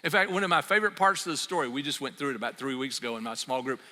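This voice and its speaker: Older male pastor with a bright voice. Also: mid-range voice, racing. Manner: storytelling, lively, conversational. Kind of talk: sermon. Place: church sanctuary. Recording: reverberant church hall.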